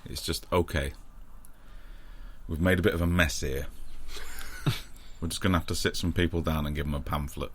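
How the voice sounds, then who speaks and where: A man's voice: a bass voice, fairly even intonation, normal speed, long pauses. A man co-hosting a film podcast, making dry puns in casual banter. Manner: dry, punning. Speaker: podcast co-host.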